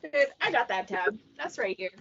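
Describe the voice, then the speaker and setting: A woman's voice: fairly high pitch, animated, moderate pace, gravelly, fairly bright tone. Blunt, casually swearing woman. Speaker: podcast co-host. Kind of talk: casual book chat. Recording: dull lo-fi sound.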